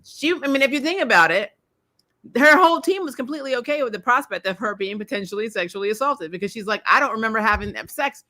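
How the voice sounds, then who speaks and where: A woman hosting a casual live-streamed chat, chatty and expressive. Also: fairly high pitch, fast talker. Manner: chatty, expressive, laughs often. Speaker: podcast host.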